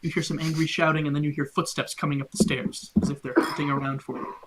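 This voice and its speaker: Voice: medium pitch, little pitch movement, fast, slight background noise. A game master narrating a tabletop game in a loose, rambling way, full of "like" and "um". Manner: loose, filler-heavy narration with lots of "like" and "um".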